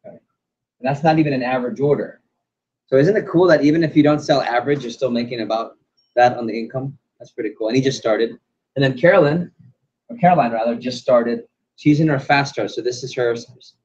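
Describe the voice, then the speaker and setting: A man running a sales training class, animated and quizzing the group with questions. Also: medium pitch, a little fast. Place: training room. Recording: dull lo-fi recording.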